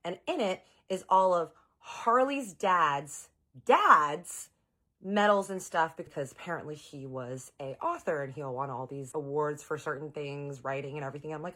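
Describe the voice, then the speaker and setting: Low-voiced chatty woman telling a story. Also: normal speed. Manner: animated, chatty, addresses audience directly; jumps into high exaggerated quoted voices. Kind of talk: casual storytime monologue.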